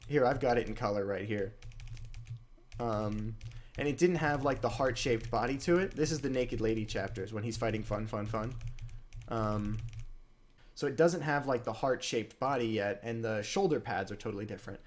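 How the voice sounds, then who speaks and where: An excitable man in loose podcast chat, his voice leaping upward whenever something grabs him. He talks in a middle pitch and eager bursts. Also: moderate pace. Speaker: podcast co-host. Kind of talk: casual chat about a comic.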